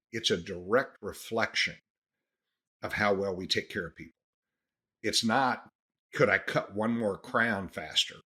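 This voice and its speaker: A man's voice: fairly low pitch, pushed and bright, husky. A man, a dentist hosting a podcast, talking through a casual, earnest monologue with frequent restarts. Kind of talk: casual monologue on practice management.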